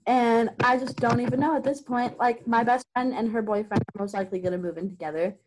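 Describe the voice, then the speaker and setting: A young woman guest telling a roommate story in a giggly, animated way with lots of fillers. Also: fairly high pitch, a little fast, background noise. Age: young adult. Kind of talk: casual storytelling.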